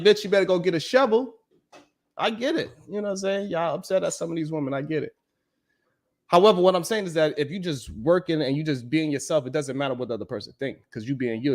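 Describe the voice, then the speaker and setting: A man's voice: medium pitch, fast. A man, hosting a live stream in a blunt, profane, emphatic casual monologue that keeps checking in with "you know what I'm saying". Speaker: live-stream show host.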